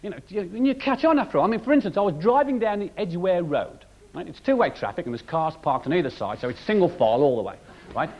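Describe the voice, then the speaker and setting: Animated comedian, high and lively. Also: male voice, quick pace. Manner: animated, mocking, shouts punchlines. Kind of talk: stand-up monologue. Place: studio with live audience. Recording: dull broadcast recording, loud audience.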